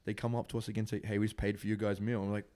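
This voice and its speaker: A man's voice: lowish voice, racing. A young man with a thick Australian accent, telling travel stories in casual chat as host. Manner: animated storytelling, acts out voices, says bro a lot.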